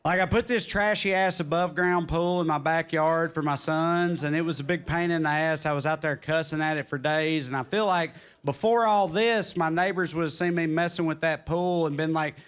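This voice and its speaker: A man in his thirties with a Southern drawl, doing stand-up on a comedy club stage, telling wry stories and putting on quick voices. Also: on the high side, fairly even intonation, fairly bright tone, clean tone. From Tennessee. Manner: drawling, wry storytelling with sudden put-on quotes. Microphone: handheld stage mic.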